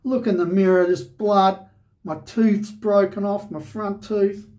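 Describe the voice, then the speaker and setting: A man's voice: sits high, steady tone, measured pace, dark tone, a little hiss or hum. An Australian man, host of a shaving channel, telling a personal story in a rambling, conversational way with lots of "you know".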